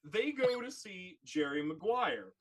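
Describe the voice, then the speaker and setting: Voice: medium pitch, big pitch swings, unhurried, a little hiss or hum, low-quality recording. A speaker in casual podcast chat, telling a story animatedly and using lots of "like" fillers.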